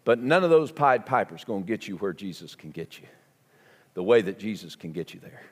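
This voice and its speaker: A man's voice: on the low side, sing-song, fairly quick, husky. A man with a Southern US accent preaching an impassioned sermon, emphatic and repetitive. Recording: long hall reverb.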